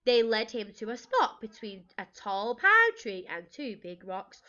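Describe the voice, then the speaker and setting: A woman teacher from England reading a storybook aloud to young children, lively and expressive, with gasps and questions to the listeners. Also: fairly high pitch, a little slow, lo-fi sound.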